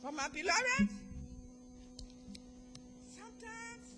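Very high-voiced fervent African woman testifying. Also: very animated, takes it slowly, loud music behind the voice. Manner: fervent, swings from quiet to shouted praise. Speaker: church testimony speaker. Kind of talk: emotional church testimony.

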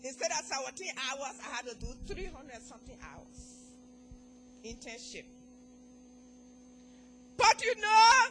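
A middle-aged woman from Africa with an African accent, giving an emotional church testimony that swings from quiet talk to shouted praise. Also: high voice, big pitch swings, a little slow, long pauses, loud music behind the voice.

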